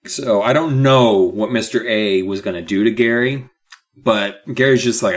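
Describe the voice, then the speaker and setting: A man co-hosting a podcast, recapping a book in casual chat with jokey asides and quick character voices. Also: fairly low pitch, animated. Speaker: podcast co-host.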